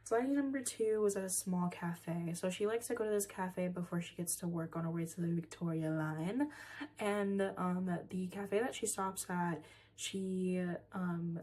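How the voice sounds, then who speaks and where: A woman recapping an episode in a casual chat, swearing often and filling pauses with "um" and "like". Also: on the low side, darkish tone, a little hiss or hum. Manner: chatty, swears often, many fillers. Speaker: podcast reviewer.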